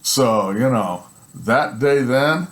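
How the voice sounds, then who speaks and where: A man casually telling a personal story in a rambling, animated way, swearing, often laughing, and checking in with "right?" and "you know". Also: mid-range voice, slow.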